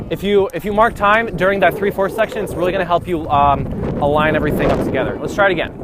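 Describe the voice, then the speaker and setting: A man's voice: high-pitched, quick pace, background noise. A young man teaching a band rehearsal, counting off beats, singing rhythms and coaching breathing and articulation. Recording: music playing in the background.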